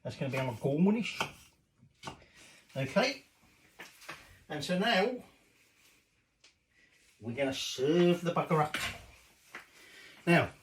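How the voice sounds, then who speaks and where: A man's voice: on the high side, very animated, slow, pauses often, a little hiss or hum, rough recording. A man chatting cheekily while cooking in his home kitchen, swearing casually as he goes. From Britain.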